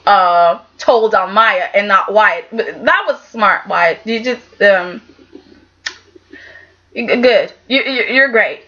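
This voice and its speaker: High-pitched woman reviewing her soap, sassy, slow and chatty, muffled home recording. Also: sharp tone. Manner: sassy, talks back to the characters. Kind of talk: casual recap and commentary.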